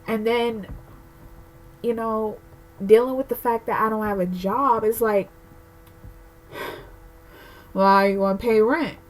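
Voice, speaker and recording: A woman's voice: a little high, fairly even intonation, slow, pauses often, rough recording. Pregnant young woman venting candidly. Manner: candid, emotional, rambling with many fillers. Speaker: vlogger. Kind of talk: casual personal rant to camera.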